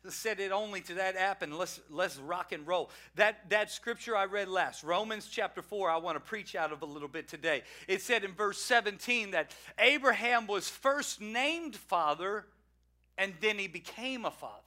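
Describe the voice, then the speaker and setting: High, bright-voiced preacher man. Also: normal speed. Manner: energetic, joking, emphatic repetition. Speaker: pastor. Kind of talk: sermon.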